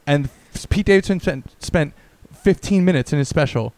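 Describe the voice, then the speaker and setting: A man in his thirties chatting loosely on a podcast, swearing freely and joking as he rambles, sometimes breaking into animated bursts. His voice sits a bit high for a man, and the sound is close and dry. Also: moderate pace, no room sound. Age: 30s. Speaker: podcast co-host. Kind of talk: casual chat.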